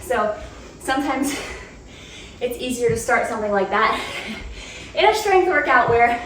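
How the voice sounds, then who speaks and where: A woman fitness instructor talks through a home cardio workout, chatty and upbeat and out of breath. Her voice sits high. She is caught from a distance by the camera, in an echoey room at home. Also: lively intonation, measured pace, over music. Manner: upbeat, chatty, laughs between cues. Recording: roomy, off-mic home recording.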